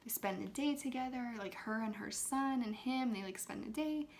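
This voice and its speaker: An ASMR creator, a young woman with a slightly high voice, casually retells a film to her viewers at a moderate pace. Her talk is loose and chatty, full of "like," and now and then she drops into a whisper.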